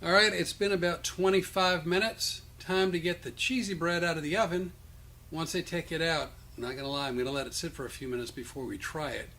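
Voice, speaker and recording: Man, cooking show host, home kitchen, casual demo, jokey step-by-step chatter, a bit high-pitched, faint background hiss. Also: fairly even intonation, a little fast, bright, forceful tone. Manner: jokey, talks through each step.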